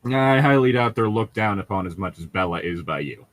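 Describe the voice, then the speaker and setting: Sarcastic man with a lively voice. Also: on the low side, brisk. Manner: sarcastic, riffing, laughs often. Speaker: podcast co-host reading aloud. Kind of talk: casual joking group reading.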